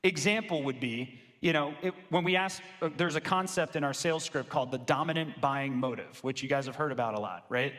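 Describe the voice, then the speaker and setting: A man coaching law firm owners in a live sales presentation, energetic and casual, with slangy asides. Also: on the high side, fairly quick. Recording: long reverb of a large hall.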